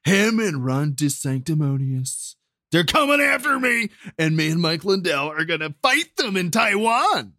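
A man's voice: fairly high pitch, very animated, unhurried, bright, forceful tone, dry recording, clean studio sound, heavily acted. A man voicing a boastful older male politician, rambling and paranoid, as a comedic impression.

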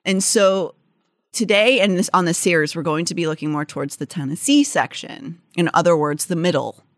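Low-voiced chatty woman with a Pittsburgh accent. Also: moderate pace, no room sound, studio quality. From Pittsburgh area, United States. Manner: chatty, many "like"s and restarts. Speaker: podcast co-host. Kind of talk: casual chat mixed with read-out facts.

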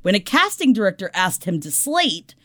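A woman's voice: mid-range voice, big pitch swings, normal speed. Chatty, foul-mouthed woman podcast host. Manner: chatty and profane, swings between loud and soft. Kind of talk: casual pop-culture chat.

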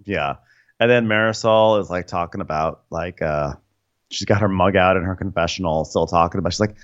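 A man's voice: sits low, brisk, highs cut off. A man co-hosting a comedy podcast, chatting and laughing about himself while recapping a reality show. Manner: laughing, self-mocking, chatty. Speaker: podcast co-host.

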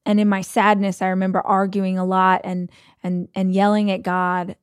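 Woman podcast host, mid pitch, dry close mic, emotional storytelling, chatty fillers. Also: little pitch movement, moderate pace, smooth, no room sound. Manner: emotional, conversational, frequent "like" fillers. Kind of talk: personal storytelling monologue.

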